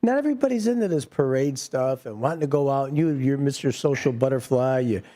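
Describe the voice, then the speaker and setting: A man's voice: medium pitch, animated, fast, mellow. A man hosting morning radio from a studio, easygoing and rambling. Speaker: radio host. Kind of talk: casual morning radio chat.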